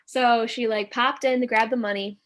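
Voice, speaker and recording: A woman's voice: on the high side, moderate pace. Chatty woman telling a story animatedly. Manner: animated storyteller, constant "like" fillers. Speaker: guest. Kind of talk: casual storytelling interview.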